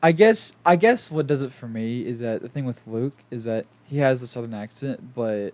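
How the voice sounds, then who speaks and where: A man's voice: mid-range voice, lively intonation, moderate pace, a little mellow, dry recording. A young man from South Carolina co-hosting a podcast, speaking hesitantly with many restarts in a casual chat. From South Carolina, USA. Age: young adult. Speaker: podcast co-host.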